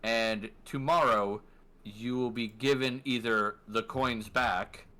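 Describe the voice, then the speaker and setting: A man's voice: mid-range voice, steady tone, takes it slowly, sharp tone. A man voicing a dismissive male bank manager who speaks formally and curtly. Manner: formal, curt, bureaucratic.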